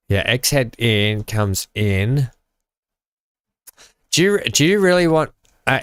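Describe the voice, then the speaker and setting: A man's voice: medium pitch, clear, resonant tone, no echo, clean studio sound. A man hosting a live game stream, chatting casually with viewers, joking and laughing often. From Australia. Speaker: live-stream gaming host. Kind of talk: casual live-stream chat while playing.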